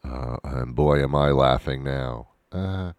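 Male radio host with a very deep voice, dry close mic, loose jokey monologue. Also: takes it slowly, dry recording. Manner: rambling, self-mocking, jokey. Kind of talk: casual radio talk. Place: radio studio.

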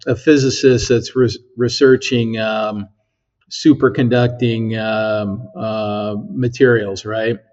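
A man's voice: mid-range voice, darkish tone. A man working as an engineer at a physics lab, explaining his work in a casual interview, rambling with many ums and tag questions. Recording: slightly dull lo-fi sound.

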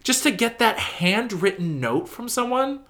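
A man with a fairly high, bright and forceful voice chats in an interview. He tells theater stories in a gushing, animated way and slips into little voices for the people he quotes. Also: a little slow. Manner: animated, gushing storyteller who acts out quotes. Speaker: interview guest, theater company manager. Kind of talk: casual interview chat.

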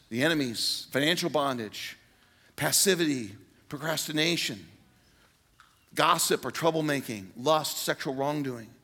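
Older pastor preaching with pleading earnestness. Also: male voice, fairly high pitch, fairly bright tone. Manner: earnest, pleading, with sudden emphatic outbursts. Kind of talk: sermon.

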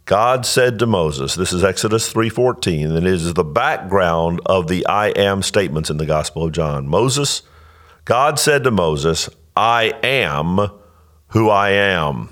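A man's voice: low voice, animated, a little slow. A male pastor teaching about scripture in an earnest, explanatory way, often restarting his sentences. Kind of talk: teaching Bible talk.

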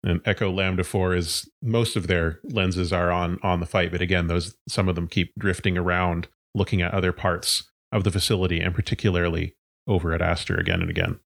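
A man with a deep, low-pitched voice narrates a tabletop game as its game master. He describes scenes in a loose, searching way, stopping for filler words as he goes. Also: brisk, vocal fry, fairly bright tone.

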